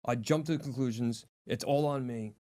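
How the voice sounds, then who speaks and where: A man's voice: medium pitch, normal speed, mellow. A male comedian in casual chat, swearing freely and telling stories with acted-out quotes. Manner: profane, storytelling with acted quotes. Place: studio.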